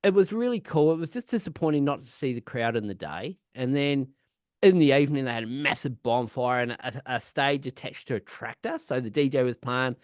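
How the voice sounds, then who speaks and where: A man's voice: mid-range voice, lively intonation, brisk, dry recording. Man, podcast co-host, sweary, rambling, mid voice, dry. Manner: swears constantly, rambling storyteller. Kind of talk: casual chat.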